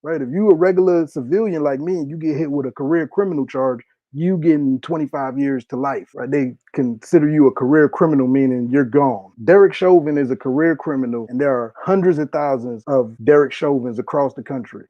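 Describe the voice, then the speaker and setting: A man's voice: on the high side, a little fast, few pauses, dry recording. Heated, profane man in his thirties. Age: 30s. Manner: heated, profane, repetitive emphasis. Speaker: political commentator. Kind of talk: impassioned solo commentary. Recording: dull lo-fi dry recording.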